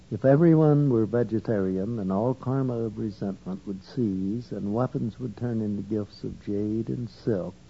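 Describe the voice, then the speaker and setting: A man reading an English translation of a Buddhist sermon in an even, measured way. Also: creaky. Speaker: interpreter. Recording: dull lo-fi recording with faint rumble.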